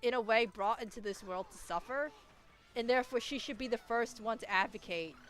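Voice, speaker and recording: This time her pitch is fairly high and her pace a little quick, with faint music in the background. The young streamer's nasal voice rambles through casual gaming chat, full of false starts.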